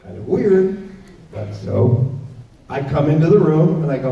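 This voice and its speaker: Animated storytelling man in an echoey hall. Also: a little high, creaky. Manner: animated, dramatic pauses, acts out voices. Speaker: actor telling a stage story. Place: convention stage. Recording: echoey convention hall, far from mic, dull.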